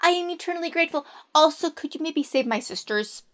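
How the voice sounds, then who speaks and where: A woman's voice: high-pitched, animated, takes it slowly. Anxious captive princess, pleading warnings, as a woman narrator puts her on. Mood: worried.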